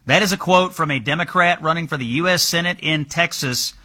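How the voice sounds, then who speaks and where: A man's voice: on the high side, fairly quick, sharp tone. A man hosting a political talk show, asking incredulous, mocking questions with emphasis. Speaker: host.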